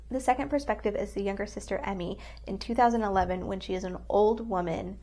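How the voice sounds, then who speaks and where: A woman's voice: mid-range voice, a little fast, dark tone. A woman reviewing books on her vlog, earnest and openly emotional, rambling with frequent restarts. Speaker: book vlogger. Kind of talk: casual book review vlog.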